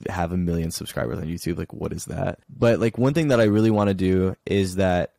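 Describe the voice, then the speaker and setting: Low gravelly young guy, laid-back podcast guest, lots of "like", dark mellow tone, dry sound. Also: brisk, no room sound. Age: young adult. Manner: laid-back, fills speech with "like". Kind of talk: casual podcast chat. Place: his childhood bedroom at home.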